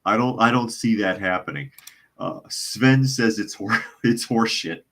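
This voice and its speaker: A man's voice: fairly low pitch, measured pace, a bit bright. A man hosting a live news podcast who reads out viewer comments in a wry, skeptical, chuckling manner. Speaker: podcast host.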